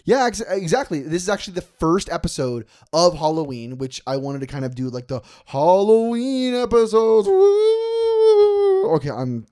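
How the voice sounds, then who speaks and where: Lively teasing male podcast host. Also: high-pitched, normal speed, no room sound, clean studio sound. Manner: teasing, swears freely. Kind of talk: casual chat among friends.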